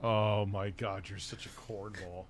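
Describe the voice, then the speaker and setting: A man co-hosting a casual chat, teasing and reacting quickly to the stories. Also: on the low side, little pitch movement.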